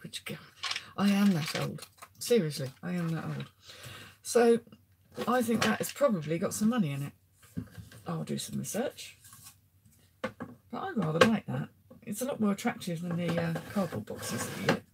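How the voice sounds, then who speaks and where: Middle-aged English woman, friendly resale vlogger with a slightly gravelly edge and some faint background noise. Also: fairly low pitch. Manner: chatty, answers viewer comments, chuckles often. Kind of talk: casual live-stream chat, showing items.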